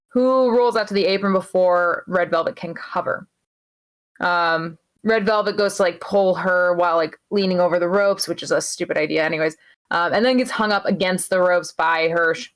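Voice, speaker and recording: A woman's voice: on the low side, normal speed, fairly bright tone, rough recording. A woman co-hosting a podcast, giving a loose, swearing play-by-play recap full of fillers. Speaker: podcast co-host. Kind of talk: casual wrestling recap chat.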